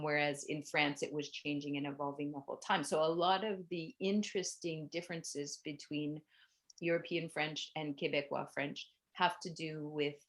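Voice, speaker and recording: A woman's voice: low-pitched, a bit bright. A middle-aged woman, a bike tour guide and language teacher, giving a chatty, explanatory virtual tour presentation with frequent "um" and "like".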